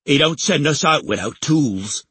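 A woman voicing a foul-mouthed, defiant young male thug in an audiobook, with rough street talk and a raspy edge. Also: sits low, expressive, unhurried, a bit bright, no room sound, pitched below the performer's own voice, full character voice. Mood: sullen. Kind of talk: audiobook character voice.

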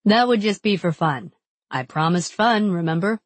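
A woman reading an audiobook and voicing a playful, teasing young man in her own lowered tone. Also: animated, normal speed, no echo. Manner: teasing, easygoing. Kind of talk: audiobook character voice.

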